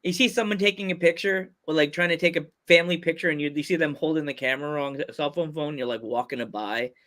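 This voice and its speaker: A man's voice: a little high, quick pace, a bit bright. A man from Pennsylvania hosting a casual podcast interview, joking and laughing often. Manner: playful, laughs often, jokey voices. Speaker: podcast host.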